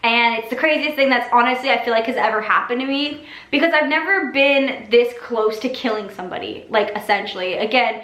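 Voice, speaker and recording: A woman's voice: on the high side, brisk, fairly bright tone, echoey room. A young woman telling a story to her viewers in casual chat, rambling with lots of likes and restarts. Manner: rambling, many likes and restarts, addresses viewers as you guys. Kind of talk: casual story time to camera.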